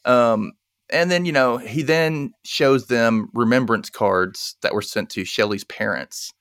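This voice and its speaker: Recapping a movie in a chatty way, this podcast co-host brings the characters' dialogue to life with animated delivery. His mid-range voice is smooth and unhurried, and the studio recording is clean with no room sound.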